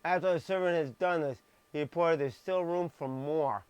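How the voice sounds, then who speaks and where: Blunt man, higher-pitched, live-streamed Bible reading with dry, close sound and sarcastic asides. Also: normal speed, clear, resonant tone, no echo. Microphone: streaming microphone.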